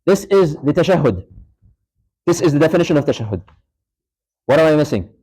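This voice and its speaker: A man's voice: on the high side, lively intonation, brisk, dark tone, breathy edge, poor audio. A man teaching a live class in a mosque, casually walking students through a prayer demonstration and quizzing them as he goes. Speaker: Islamic studies teacher.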